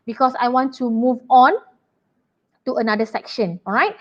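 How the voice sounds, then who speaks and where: A high-pitched woman teaches a writing lesson to pupils over a stream. She talks in a brisk, chatty way, and the sound is dull and lo-fi. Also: fairly even intonation. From Malaysia. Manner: brisk, chatty and apologetic, addressing pupils warmly. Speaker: English teacher. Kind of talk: online workshop lesson.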